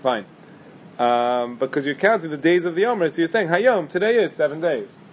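A man's voice: on the high side, moderate pace, slight background noise. A man teaching a casual halacha class, thinking aloud with fillers and restarts. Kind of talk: casual Torah class lecture.

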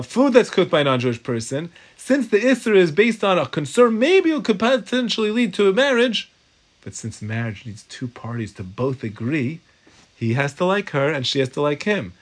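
Man, rabbi, lively lecture, somewhat high voice, mixes in hebrew terms. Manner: lively, uses Hebrew and Aramaic terms, acts out voices for examples. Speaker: rabbi teaching Jewish law. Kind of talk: animated Torah class lecture.

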